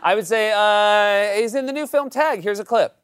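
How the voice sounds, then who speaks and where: A man's voice: high voice, moderate pace, fairly bright tone, clean tone, no room sound, studio quality. A man hosting a late-night talk show, bantering playfully with a guest and laughing often.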